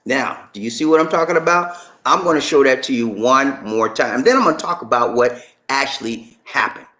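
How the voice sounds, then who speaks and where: A man's voice: mid-range voice, fairly quick, bright, forceful tone, poor audio. A man hosting a casual livestream, chatting to his viewers and calling them y'all. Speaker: livestream host.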